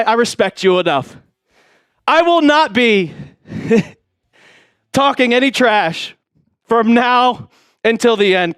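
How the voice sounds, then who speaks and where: A man hosting a live sports stream, excitedly reading out donations and shouting, out of breath at times. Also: very high-pitched, clear, resonant tone, dry recording, studio quality. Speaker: livestream host.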